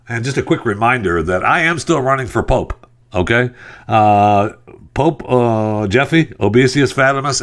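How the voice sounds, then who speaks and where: A man's voice: fairly low pitch, a bit bright. A middle-aged man hosting a podcast, rambling through news stories with sarcastic asides and lots of fillers. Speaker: podcast host. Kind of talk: casual news commentary.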